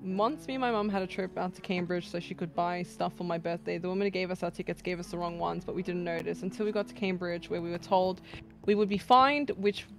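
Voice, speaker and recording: A woman's voice: fairly low pitch, steady tone, fast talker, faint music behind. A young woman from the UK chatting casually on a live stream, reading chat aloud, with sudden shrieks of laughter. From United Kingdom.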